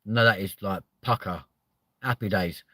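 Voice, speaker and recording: Guy ranting on his chat show, swears nonstop, bright forceful voice, very dry sound. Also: fairly low pitch, a little slow, dry recording. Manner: swears constantly, rambling rants reacting to viewer comments; loud exasperated outbursts. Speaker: host. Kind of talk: comedic live chat show.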